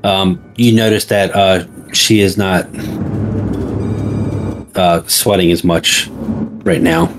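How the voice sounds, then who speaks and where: Man running a sci-fi tabletop game, real slow and halting, low voice, music playing. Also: steady tone. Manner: slow, halting narration with many fillers. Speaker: game master. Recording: background music.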